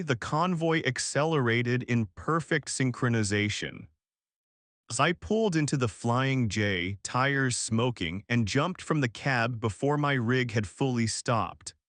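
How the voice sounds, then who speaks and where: A male narrator reads a first-person horror tale in an unhurried, deliberate voice of middling pitch. The recording is dry and close, with no room sound around him. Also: a bit bright, dry recording. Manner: slow, measured storytelling delivery. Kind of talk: scripted horror story narration.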